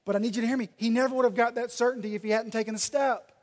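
A male pastor preaching a sermon and reading scripture aloud, swinging between loud and soft delivery. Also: extremely high pitch, fairly even intonation, rapid-fire. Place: church sanctuary. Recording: long reverb of a large hall.

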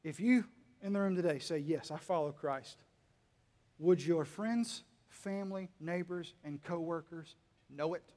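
Male pastor, high voice, dynamic sermon delivery with humor, hall reverb. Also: unhurried. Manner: dynamic, swinging between quiet asides and loud emphatic lines; humorous, teasing the congregation. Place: church hall.

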